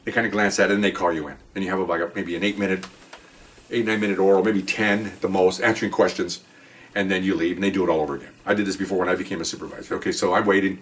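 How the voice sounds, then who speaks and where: A man's voice: sits low, steady tone, rapid-fire, fairly bright tone, far from the mic. Chatty man telling a cop story. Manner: chatty, acts out dialogue, swears offhand. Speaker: retired police officer telling stories on a podcast. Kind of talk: casual first-person storytelling.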